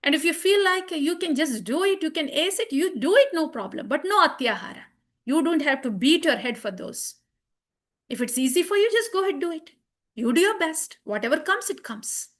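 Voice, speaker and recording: Teaching children the Bhagavad Gita, a woman chants verses, repeats her points earnestly and puts questions to the class. She speaks at normal speed in a high-pitched, expressive and slightly bright voice.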